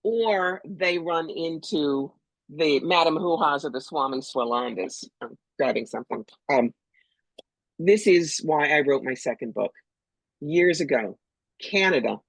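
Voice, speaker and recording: A woman's voice: low voice, husky, no echo, poor audio. An older woman from New York, a psychic medium being interviewed, talking bluntly and animatedly and acting out other people's voices. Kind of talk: storytelling interview talk.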